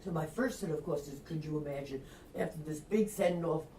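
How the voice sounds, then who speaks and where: An older woman with a Long Island accent, an author appearing as an interview guest, tells a story while acting out quotes and laughing often. Her voice is low, brisk and mellow. The recording has an echoey room, a distant mic and faint noise.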